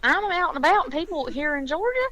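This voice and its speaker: A woman's voice: sits high, big pitch swings, fast, sharp tone, dull audio. A woman from the Virginia mountains with a Southern Appalachian accent, chatting and telling folksy stories as a guest caller on a radio show. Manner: giggly, folksy storyteller. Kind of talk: casual radio chat.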